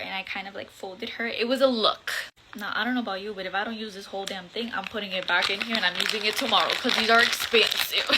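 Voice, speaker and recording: A young woman vlogger telling a storytime, animated and blunt, swearing casually and dropping Spanish words into her English. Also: medium pitch, noisy background. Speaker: content creator. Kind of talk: storytime vlog.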